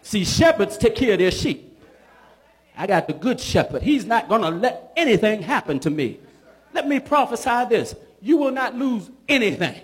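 Preaching in church at a moderate pace, a bishop with a high, sing-song voice draws responses from the congregation and works his way up to shouting.

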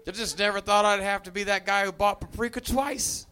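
A man's voice: high voice, fairly even intonation, fairly quick, very noisy. A man doing a stand-up set, exasperated and self-mocking. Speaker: stand-up comedian.

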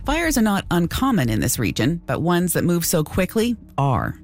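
A woman, a radio host, narrating a documentary in a measured scripted way. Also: fairly low pitch, huge pitch swings, faint music behind.

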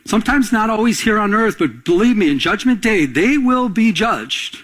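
A middle-aged man preaching a radio-broadcast sermon, asking the congregation to fill in words and telling quick stories. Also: high-pitched, expressive, fairly bright tone. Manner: call-and-response preaching, quick anecdotal storytelling. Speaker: pastor.

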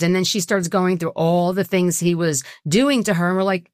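A middle-aged woman with a fairly low voice tells her own story as a guest in a casual interview. She talks in an earnest, heartfelt way. The sound is dry and close, with no room around it. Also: fairly even intonation, normal speed, hardly any pauses, no echo. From Southwest Florida. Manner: earnest, personal, emotional storytelling. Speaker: guest, nonprofit co-founder.

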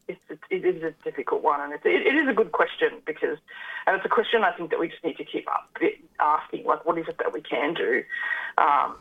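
A guest calling in to a podcast, their mid-pitched voice squeezed into a thin, tinny phone line. They hesitate often, circling through ums and restarts before landing on a point. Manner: hesitant, many fillers and restarts. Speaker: community organisation representative, guest. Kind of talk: phone interview.

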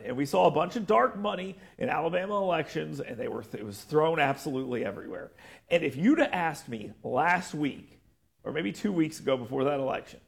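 A man hosting a political talk show, chatting casually, animated and joking, with frequent restarts. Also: on the high side, vocal fry, slightly rough.

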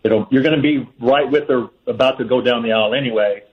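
A man's voice: mid-range voice, quick pace. Male caller on a dull phone line, earnest and heartfelt. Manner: earnest, heartfelt advice-giving. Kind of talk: call-in advice.

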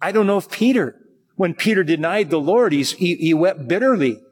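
A man's voice: high voice, lively intonation, normal speed, husky, long reverb tail. A man preaching a sermon in a conversational way, often restarting his sentences. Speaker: pastor.

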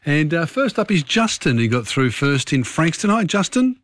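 A man hosting a late-night radio quiz, chatty and quick to laugh. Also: a little high, sing-song, no room sound. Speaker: radio host. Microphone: studio microphone.

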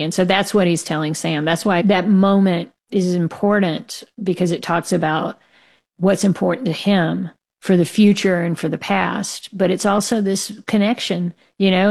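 A frank, opinionated woman speaks as a guest author in a casual interview. Her low voice has a gravelly fry, and she drops in short laughs. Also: a little mellow. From United States.

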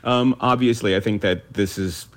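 A man with a fairly low voice talks sports in a radio interview. He is opinionated and animated, speeding up in quick bursts as he makes his points. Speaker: sports commentator.

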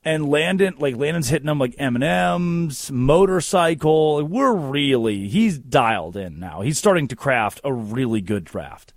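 A man hosting a casual sports talk show, telling stories in an animated, joking way. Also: medium pitch, measured pace, few pauses, no room sound, studio quality. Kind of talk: casual comedic chat.

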